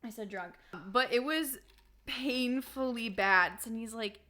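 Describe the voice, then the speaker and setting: A young woman from Wisconsin co-hosts a podcast, telling candid stories in casual chat with frequent laughs. Her voice is on the high side, slow, bright and forceful.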